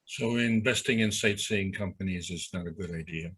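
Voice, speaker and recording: A man's voice: low voice, normal speed, fairly bright tone, breathy edge, low-quality recording. A man joining a casual conversation with joking asides.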